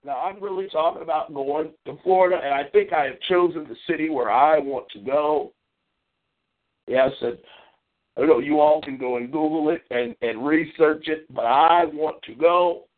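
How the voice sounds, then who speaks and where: A high-voiced man hosts a call-in talk show and rants in exasperation, his pitch jumping up and dropping low. The sound is thin and tinny, like a phone line. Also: moderate pace.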